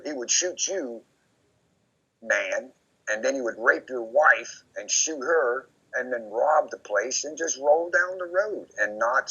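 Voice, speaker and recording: Gravelly, raspy man, lowish voice, bright edge, rambling interview guest on a dull lo-fi track. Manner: rambling, repeats himself, quotes others in lively voices. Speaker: interview guest recounting memories. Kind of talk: casual recorded conversation. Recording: dull lo-fi recording.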